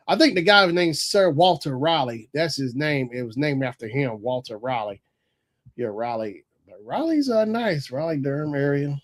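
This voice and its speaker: A man from North Carolina, hosting a casual live stream in a relaxed, rambling way and often chuckling as he reads chat aloud. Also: medium pitch. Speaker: livestream host reading chat.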